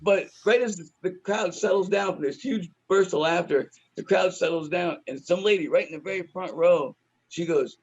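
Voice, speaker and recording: A slightly high, husky male voice tells a rowdy road story, peppered with "dude" and swearing. The audio is dull and lo-fi, like a cheap podcast mic. He laughs through his own punchlines. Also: expressive, fairly quick. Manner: profane, laughing, slangy ("dude", "man"). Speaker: stand-up comedian, guest. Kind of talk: casual storytelling.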